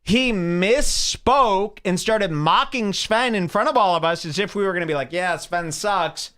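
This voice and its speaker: Animated man telling a story. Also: high voice, normal speed, smooth, no echo, clean studio sound. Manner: animated, mocking, breaks into quoted voices. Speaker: podcast host. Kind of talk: casual storytelling chat.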